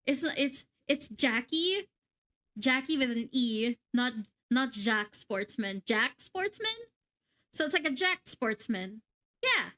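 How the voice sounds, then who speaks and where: A woman's voice: high-pitched, expressive, takes it slowly, bright, forceful tone. A young woman VTuber commenting casually on a game, giggling, swearing and stumbling over words in a sleepy way. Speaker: VTuber streamer.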